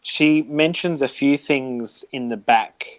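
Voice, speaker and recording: A man co-hosting a casual book discussion, measured and helpful with words. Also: medium pitch, no echo. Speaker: book club co-host.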